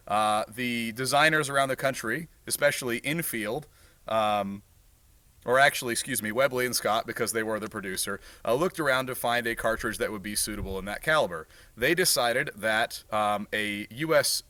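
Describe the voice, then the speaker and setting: A man hosting a firearms channel, explaining history and handling in a casual, halting way full of ums and uhs. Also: medium pitch, a bit bright. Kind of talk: casual explanatory talk at the range. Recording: distant mic, faint background noise.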